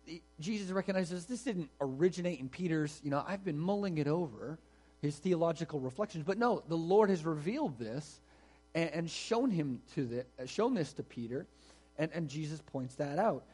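A man's voice: a little high, expressive, moderate pace, darkish tone, breathy edge. A man preaching a sermon in an explanatory, conversational way, stressing key words. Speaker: pastor.

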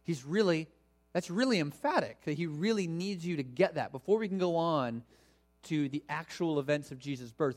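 A man preaching a sermon to a congregation, teaching in a conversational, animated way with casual asides. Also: fairly high pitch, brisk. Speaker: pastor.

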